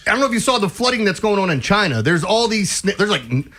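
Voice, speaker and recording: High-voiced man on sports radio. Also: quick pace. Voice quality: animated storyteller, laughs often. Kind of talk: casual radio chat.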